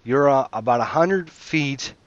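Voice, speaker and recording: A man's voice: mid-range voice, expressive, unhurried, dull audio. A man acting as game master, narrating a tabletop game in a rambling way, full of fillers and restarts, over a computer mic. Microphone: computer mic over voice chat.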